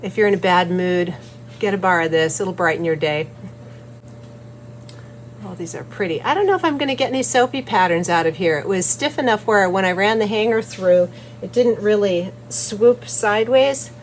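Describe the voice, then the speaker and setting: A woman's voice: medium pitch, moderate pace, slight background noise, rough recording. Giggly, cheerful woman soap maker. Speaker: soap maker and channel host. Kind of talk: casual chat while making soap. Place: home soap studio.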